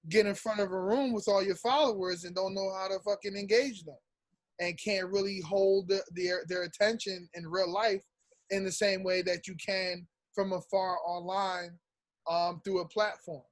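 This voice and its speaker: A man's voice: high voice, steady tone, moderate pace, no room sound. A man co-hosting a casual podcast debate, slangy and teasing, laughing often. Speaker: podcast co-host.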